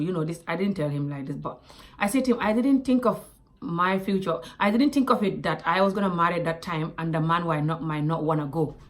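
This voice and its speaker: A woman from Africa telling a personal story to camera, animated, with quiet asides and whispers. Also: fairly low pitch. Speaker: vlogger.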